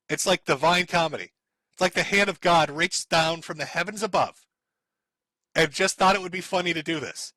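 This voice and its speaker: A man's voice: on the high side, bright, forceful tone, no echo. A middle-aged man hosting a live stream, giving sarcastic, mocking commentary on a clip and laughing often. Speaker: streamer host.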